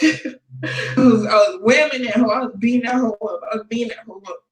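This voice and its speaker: A woman's voice: on the high side, fairly quick, reverberant, poor audio. A young woman in her late teens, talking in a casual, flippant way in a confessional vlog and laughing between sentences. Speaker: vlogger.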